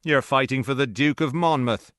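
A man performs a stern, harsh, commanding army officer, barking forceful orders in a scornful mood. His voice is medium in pitch and moderate in pace, natural but pitched above his own, captured in a dry, studio-quality recording.

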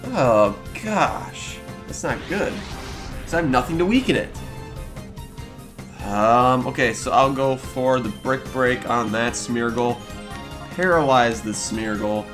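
An excitable young man records video game commentary with faint game music behind him. His pitch sits mid-range for a man, and he reacts out loud as he plays. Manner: excitable, talks to the game characters, quick exclamations. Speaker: let's play host.

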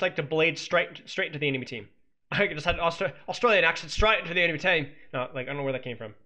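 A man's voice: sits high, bright, forceful tone. A man coaching as he analyzes a game replay, teasing and sarcastic, cracking jokes between points. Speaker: esports coach.

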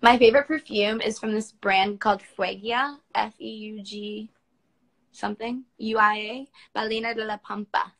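A woman's voice: mid-range voice, steady tone, normal speed, fairly bright tone, poor audio. A woman in her twenties from Washington, D.C., chatting casually on a phone livestream and answering viewers' comments at home. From Washington, D.C., United States. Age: 20s. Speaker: model answering fans on a livestream.

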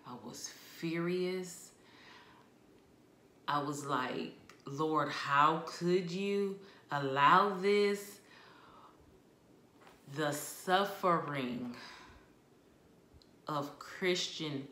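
A woman talks through her monthly book reviews in an expressive, chatty way. Her voice is bright and low-pitched, and her pace is unhurried. The room around her sounds echoey. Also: slight background noise. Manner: expressive, chatty, with laughs and asides. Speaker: book vlogger. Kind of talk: casual book review chat.

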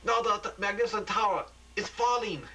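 A man's voice: a little high, expressive, normal speed, bright, forceful tone, distant mic, voice pushed up, rough recording. A man voicing a frantic male TV field reporter in a war zone, breathless and panicky. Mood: panicked.

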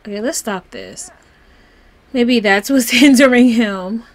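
A woman hosts a casual let's play, chatting through the game and speaking fondly to her characters. Her voice is fairly high-pitched, and she talks at a slow pace.

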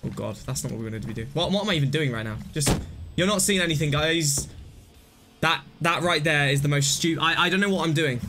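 A young man rambles through live gameplay commentary, mocking his own mistakes and sometimes bursting out excitedly. He talks fast in a fairly high pitch, with background noise behind him.

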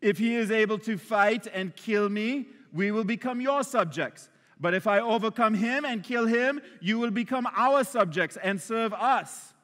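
Boastful giant warrior, put on by a male preacher, loud and challenging, raised bright voice in a long-reverb hall. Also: sits high, unhurried, few pauses, pitched above the performer's own voice. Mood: taunting.

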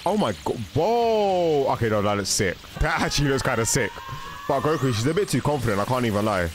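A young man giving a casual, excited reaction commentary, often exclaiming and cutting himself off mid-sentence. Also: medium pitch, a little fast. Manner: exclaiming, self-interrupting, laughing. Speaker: reaction video host.

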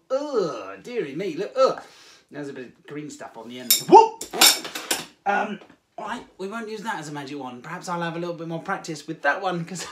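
A presenter hosting a children's home activity show in a playful, theatrical way, talking straight to the kids watching. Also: mid-range voice. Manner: theatrical, silly, addresses children directly. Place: home, garden.

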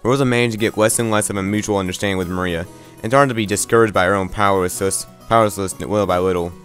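A man's voice: lowish voice, fairly even intonation, very fast, a bit bright, soft background music. A man reading a visual novel aloud, stumbling and restarting words, with wry asides.

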